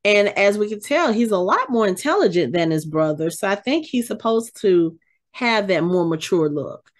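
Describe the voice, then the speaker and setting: A woman co-hosting a podcast, recapping a TV episode in casual, animated chat and getting exasperated as she retells it. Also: mid-range voice, moderate pace. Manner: animated, exasperated storytelling with frequent restarts. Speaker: podcast co-host.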